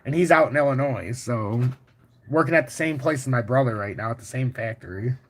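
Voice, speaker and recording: A man hosting a casual crypto livestream, walking through charts and chatting with viewers in a boastful, profane, animated way. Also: medium pitch, brisk. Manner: boastful and confident. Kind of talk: casual livestream chart talk, answering chat.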